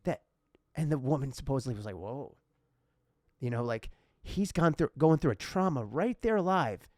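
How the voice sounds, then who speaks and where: A man's voice: medium pitch, expressive, brisk, darkish tone, no room sound, clean studio sound. A man hosting a casual podcast, telling a personal story in a heartfelt, emotional way. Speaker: podcast host.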